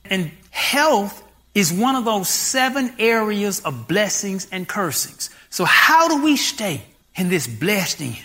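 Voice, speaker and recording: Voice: medium pitch, sing-song, takes it slowly, bright, forceful tone. A pastor in their sixties preaching a sermon, full of rhetorical questions. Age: 60s.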